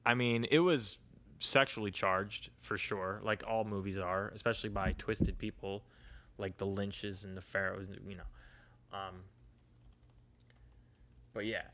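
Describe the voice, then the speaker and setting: A man's voice: fairly low pitch, steady tone, a little slow, pauses often, a bit bright, slight background noise. A young man hosting a solo podcast, talking in a crude, rambling, casual way and swearing often. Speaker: podcast host.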